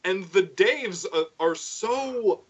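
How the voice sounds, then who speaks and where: A man on a casual podcast stream, retelling a myth in lively detail and briefly voicing the characters as he goes. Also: sits high, takes it slowly, slightly rough. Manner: animated storyteller, voices characters in passing. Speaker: co-host. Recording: dull lo-fi sound.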